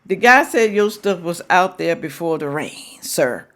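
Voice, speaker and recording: A woman's voice: lowish voice, lively intonation, measured pace, a bit bright. A woman hosting a reaction video who lectures and scolds, repeating her points for emphasis. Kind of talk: reaction commentary.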